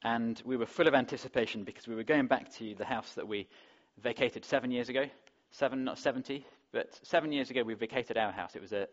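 A man's voice: medium pitch, quick pace, few pauses. A man preaching a sermon in a conversational way, often putting rhetorical questions to the congregation, on a dull lo-fi recording. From England.

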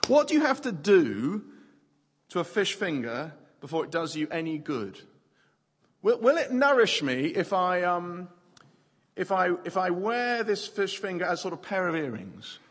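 A man's voice: high-pitched, big pitch swings, measured pace, husky. A man preaching a playful sermon to a family audience, using props and repeating words as he talks. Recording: long hall reverb.

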